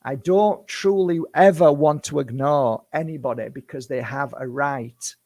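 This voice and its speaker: Gravelly, emphatic man in his fifties. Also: fairly high pitch, a little slow, darkish tone, no room sound, studio quality. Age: 50s. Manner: emphatic, defensive, repetitive rhetorical questions. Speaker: spiritual healer and YouTuber. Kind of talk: impassioned monologue to camera.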